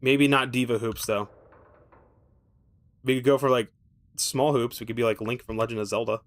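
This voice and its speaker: A man's voice: medium pitch, steady tone, normal speed. Rambling, profane male streamer. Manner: rambling, profane, thinking aloud; wry, self-mocking asides. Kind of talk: casual gameplay commentary.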